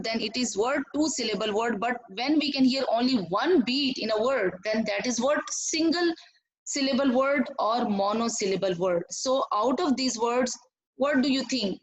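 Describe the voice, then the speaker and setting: A woman teaching an online class to young pupils, slowly repeating words and clapping out syllables. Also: on the high side, low-quality recording. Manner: slow, repetitive, clapping out syllables.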